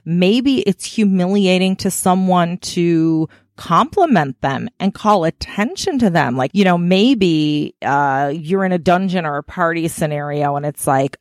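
A woman hosting a podcast in casual talk, frank and playful as she explains things. Her voice sits on the lower side and sounds dry and close to the mic, with no room around it. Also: animated, moderate pace, hardly any pauses, darkish tone, dry recording. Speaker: podcast host.

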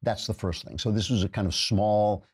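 A man hosting a political talk show, sarcastic and mocking, with a slightly husky voice. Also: fairly low pitch, steady tone, moderate pace, darkish tone.

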